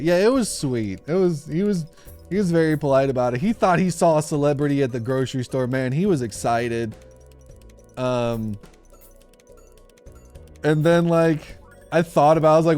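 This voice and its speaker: A man's voice: fairly high pitch, normal speed, a little mellow, clean tone, faint music behind. A young man chatting casually on a live stream while gaming, rambling through a story with lots of fillers and restarts.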